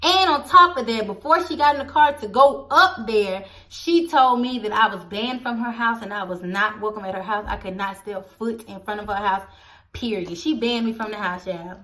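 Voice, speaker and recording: A young woman, casually telling a storytime vlog, animated and addressing viewers directly. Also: mid-range voice, normal speed. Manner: animated, acts out quoted voices, addresses viewers as y'all. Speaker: storytelling vlogger.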